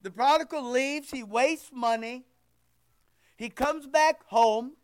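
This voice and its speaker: High-voiced older male preacher, slow and loud. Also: clean tone. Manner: loud, emphatic, swings between shouting and quiet. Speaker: pastor. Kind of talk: sermon with prayer.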